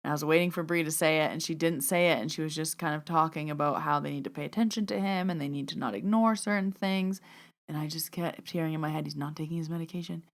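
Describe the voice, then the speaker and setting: A woman who hosts a podcast and works as a medium tells a story in a low voice, talking fast. Her manner is casual and chatty, full of "like" fillers, and she acts out her own thoughts.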